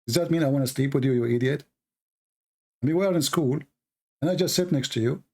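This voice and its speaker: A man whose first language is Arabic tells stories and argues in broken English, animated and laughing. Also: mid-range voice, fast talker, slightly rough. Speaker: host. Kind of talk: casual storytelling and polemic.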